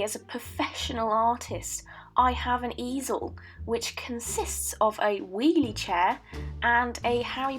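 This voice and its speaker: A young woman in her late teens from Britain, narrating a painting video in a joking put-on Australian accent, with a playful mock-documentary tone and dry asides. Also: a little high. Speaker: art student. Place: voice-over recorded at home.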